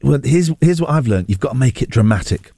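A man's voice: medium pitch, expressive, fairly quick, vocal fry, dark tone, breathy edge, no room sound. A man hosting a breakfast radio show, joking and teasing his co-host in playful studio banter. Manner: goofy, teasing, slips into silly voices. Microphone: studio microphone.

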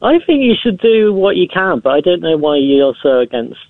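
A man's voice: fairly high pitch, sing-song, normal speed, no room sound. A man calling in to a radio show, chatting in a laid-back way and laughing easily. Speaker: caller. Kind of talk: phone-in chat. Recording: dull phone line.

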